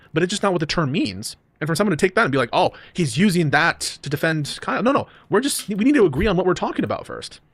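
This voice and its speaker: A man's voice: on the high side, no echo. A man in a debate discussion, speaking in a defensive, insistent way.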